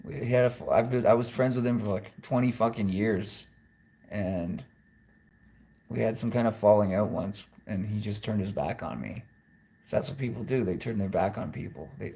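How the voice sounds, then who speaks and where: A man's voice: fairly low pitch, creaky, a little mellow. A man rambling through a confessional video monologue, blunt and profane, wandering from thought to thought. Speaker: musician vlogger.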